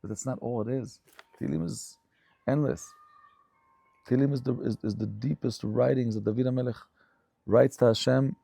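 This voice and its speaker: A rabbi delivering a Torah lecture with fervent, emphatic conviction, often repeating phrases for stress. His middle-pitched voice is mellow and gravelly. The sound is dry and close. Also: steady tone, moderate pace, long pauses, dry recording.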